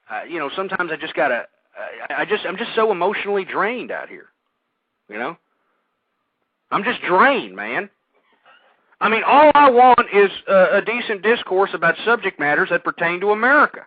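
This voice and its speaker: A man hosting an internet talk radio show, speaking in a rambling monologue that stumbles over repeated words and turns loud and heated. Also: fairly high pitch, no echo. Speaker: radio host. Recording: tinny phone-line sound, dry.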